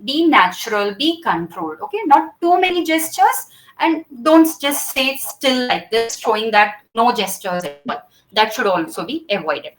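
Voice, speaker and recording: A woman's voice: on the high side, lively intonation, normal speed, rough recording. A woman teaching students about public speaking gestures, explaining step by step and often checking with "okay?" while she acts out each gesture. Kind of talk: classroom teaching.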